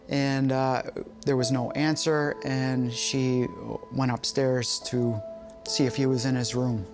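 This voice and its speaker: Slow-speaking middle-aged man. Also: mid-range voice, fairly even intonation, music in the background. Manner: slow, hesitant speech. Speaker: father of the deceased. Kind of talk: documentary interview.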